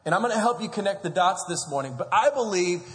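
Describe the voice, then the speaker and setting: Joking pastor in a reverberant hall. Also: male voice, high voice, fast talker. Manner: joking, animated storytelling to a congregation, calls for amens. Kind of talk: sermon. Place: large church auditorium. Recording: long hall reverb from a church auditorium.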